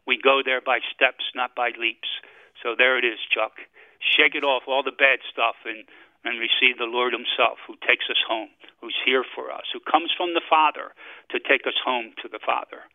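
A man's voice: medium pitch, steady tone, normal speed, no room sound. A man who is a priest, speaking on a talk radio show, preaching in repeated phrases and telling a story with chuckles. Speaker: priest guest. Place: radio studio. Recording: muffled radio broadcast sound.

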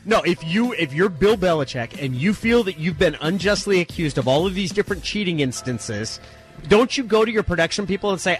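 A man's voice: high-pitched, animated, fairly quick, soft background music. Wry, opinionated sports radio co-host man. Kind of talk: casual sports talk.

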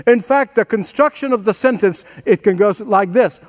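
A man's voice: high-pitched, moderate pace. A man preaching a sermon, earnest and emphatic, often breaking into short laughs. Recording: long hall reverb.

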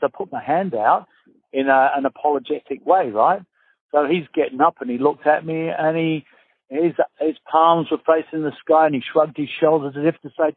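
Lively Australian man on a tinny line. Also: on the high side, slightly rough, no echo. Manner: lively storyteller acting out quotes. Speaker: former footballer guest. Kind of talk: casual storytelling interview. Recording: tinny phone-like dry sound.

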